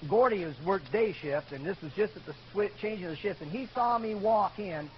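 A man with a very high voice tells his own story from the pulpit, animated and conversational. The recording is muffled and lo-fi, with a faint hiss underneath. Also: brisk. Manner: animated storyteller, bursts into loud shouts in quoted lines. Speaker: preacher giving testimony. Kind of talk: sermon testimony storytelling. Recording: dull lo-fi recording with faint noise.

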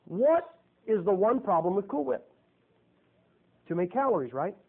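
Male preacher, high voice, folksy and emphatic, keeps quizzing the congregation; thin, phone-like recording. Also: animated, normal speed, husky. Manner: folksy, emphatic, rhetorical questions to the audience. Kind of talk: sermon. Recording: tinny, phone-like sound.

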